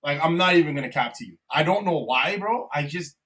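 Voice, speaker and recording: A young man co-hosting a podcast in casual, animated chat, swearing often and calling his friend "bro". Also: fairly high pitch, a little fast, distant mic. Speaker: podcast co-host.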